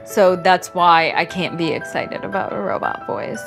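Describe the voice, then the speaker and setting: A woman talking casually and frankly as an interviewee, with expressive reactions. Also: fairly low pitch, moderate pace, gravelly, over music. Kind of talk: casual talk.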